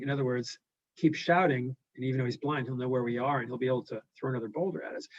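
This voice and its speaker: Male teacher, casual explainer, mid-pitched, lo-fi recording. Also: quick pace, dry recording. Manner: casual, explanatory, softer asides. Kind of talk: reading aloud with commentary. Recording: dull lo-fi recording.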